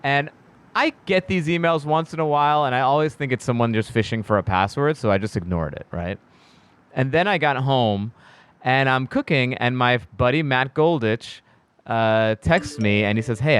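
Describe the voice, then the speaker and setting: A comedian telling a story in casual podcast chat, acting out the other people's voices with big jumps in pitch. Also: male voice, normal speed, fairly bright tone, clean tone. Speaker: comedian guest.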